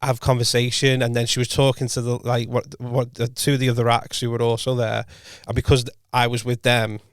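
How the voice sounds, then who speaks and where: Male podcast co-host, mid-pitched, rambling storyteller who keeps correcting himself and acts out quoted lines softly, dry close studio mic. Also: level tone, fairly quick, clear, resonant tone, no room sound. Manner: rambling anecdote, frequent self-corrections and quoted dialogue. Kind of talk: casual storytelling chat.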